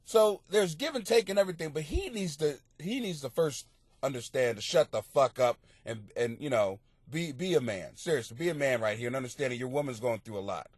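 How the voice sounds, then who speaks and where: A man hosting an advice podcast, reading listener letters and answering them bluntly, with heavy swearing and sudden loud outbursts. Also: mid-range voice, expressive, brisk, husky, dry recording. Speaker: podcast host giving advice. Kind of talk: casual advice podcast monologue.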